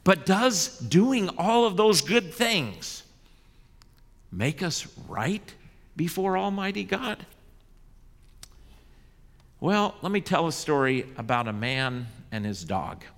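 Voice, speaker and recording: A man's voice: on the high side, big pitch swings, slow, vocal fry, long pauses. A male pastor preaching a sermon and telling a story with dramatic shifts in volume. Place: church. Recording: long church reverb.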